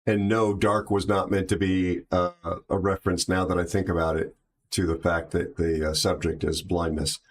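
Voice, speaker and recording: A man's voice: sits low, little pitch movement, moderate pace. A man hosting a livestream, chatting casually, telling jokes and reacting to chat. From aviation background. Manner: chatty, tells jokes, reads chat aloud. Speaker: livestream host.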